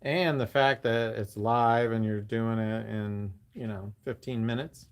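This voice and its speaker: A woman's voice: extremely low pitch, steady tone, a little slow, a little hiss or hum. A woman co-hosting a live sewing show, relaying viewer comments in an easygoing way. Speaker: co-host reading viewer comments. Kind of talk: casual live chat.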